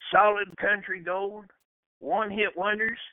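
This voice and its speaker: Host type: joking man, slightly higher voice, hesitant game-show patter, tinny phone-like sound. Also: steady tone, measured pace, no echo. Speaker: podcast host. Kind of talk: casual chat, game-show hosting.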